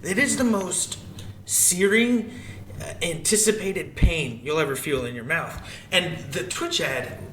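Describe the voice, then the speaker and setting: A bright, slightly high man's voice, heard from back off the mic in an echoey room with a faint hum behind. He chats casually, halting and trailing off before warming into an animated story. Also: recorded from a distance. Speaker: podcast co-host. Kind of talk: casual chat.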